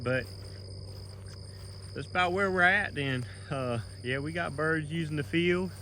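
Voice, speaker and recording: Folksy man outdoors, bright voice. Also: fairly high pitch, measured pace, a little hiss or hum. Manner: folksy, rambling, many fillers. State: a little out of breath while walking. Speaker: land manager filming his dove field. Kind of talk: casual walking vlog narration. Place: outdoors in a rural field. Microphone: handheld camera while walking.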